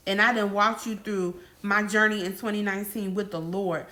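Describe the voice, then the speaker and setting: A woman's voice: mid-range voice, steady tone, normal speed, pushed and bright. A woman with a lilt preaches boldly in a casual, chatty way. She slips into playful little scenes between her points, full of conviction. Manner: bold, preachy, playful, acts out dialogues. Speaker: faith coach and speaker. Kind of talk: casual motivational talk.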